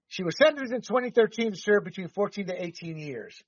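A man's voice: high-pitched, animated, brisk, few pauses, no room sound, recorded from a distance. A man who grew up in Panama, hosting a podcast and delivering heated, emphatic political commentary with the odd swear word. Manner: heated, emphatic ranting with profanity. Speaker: podcast host. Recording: dull lo-fi, dry, set back from mic.

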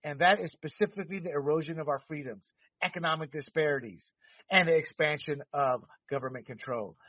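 A man's voice: fairly high pitch, brisk, a bit bright, no echo, recorded from a distance. Fired-up man ranting on a podcast. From Panama. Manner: heated, emphatic ranting with profanity. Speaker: podcast host. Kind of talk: opinionated political commentary. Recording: dull lo-fi, dry, set back from mic.

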